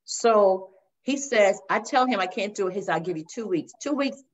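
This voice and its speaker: An older woman minister sharing her testimony in a faith interview, telling it with lively storytelling and acting out the voices. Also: mid-range voice, moderate pace, a little hiss or hum. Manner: animated storytelling, acts out voices, addresses listeners as y'all. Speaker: guest minister. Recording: dull lo-fi sound.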